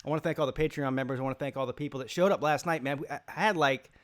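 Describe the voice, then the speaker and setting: A man's voice: mid-range voice, racing. A tired man hosting a live call-in sports show, talking casually and rambling as he reads out chat names. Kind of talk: casual live-stream talk.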